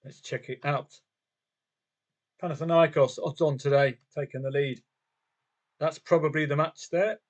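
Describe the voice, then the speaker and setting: A man's voice: fairly high pitch, steady tone, a little slow, pauses often. A man hosting a live football trading stream, chatting casually to viewers and himself with frequent rhetorical questions. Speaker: football trading livestream host. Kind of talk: casual live commentary on matches and bets.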